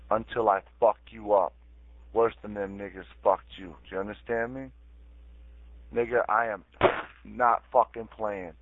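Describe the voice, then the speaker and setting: A low-voiced man rants in a voice chat, angry and threatening, hammering the same words again and again. The sound is thin and tinny, like a phone line, and dry. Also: fairly even intonation, moderate pace, no room sound. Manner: angry, threatening, repeating himself. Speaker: chat room user. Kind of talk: heated voice chat rant.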